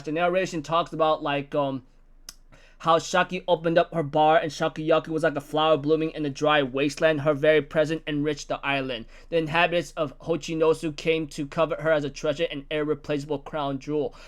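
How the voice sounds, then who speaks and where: A young man giving a casual, excitable recap of a manga chapter, acting out the characters' quotes amid lots of fillers. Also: a little high, clear, resonant tone. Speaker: manga reviewer.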